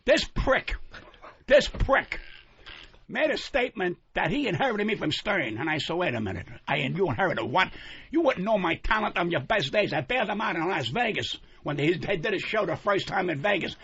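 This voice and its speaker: Older man ranting loudly, profane and lively. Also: high-pitched, brisk, vocal fry, breathy edge. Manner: loud profane yelling rant. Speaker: comedian guest. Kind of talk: ranting radio talk. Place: radio studio. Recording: dull lo-fi radio broadcast with faint hiss.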